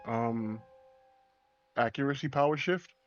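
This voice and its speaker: A man's voice: medium pitch, measured pace, highs cut off, soft background music. A man playing a tabletop game, methodically working through his abilities with fillers. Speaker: player. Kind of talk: casual tabletop game play.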